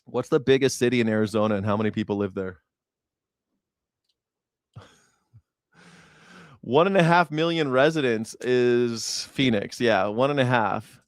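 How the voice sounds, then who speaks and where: A man's voice: medium pitch, animated, unhurried, pauses often, clear, resonant tone, no echo, studio quality. A man hosting a news reaction show, rambling in a casual, profane way and laughing often. He grew up in the United States. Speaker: host.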